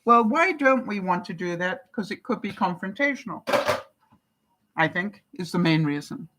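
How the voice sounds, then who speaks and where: A woman's voice: on the low side, animated, moderate pace, a bit bright, slight background noise, rough recording. An older woman from Canada talks casually to her viewers as she answers their comments. She chats along easily, laughs often and keeps asking her audience questions. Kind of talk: casual live-chat talk.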